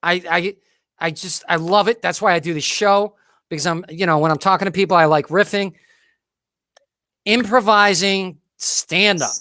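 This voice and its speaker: Brief: upbeat host, bright and dry, close sound. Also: male voice, high-pitched, moderate pace, no room sound. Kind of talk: casual chat.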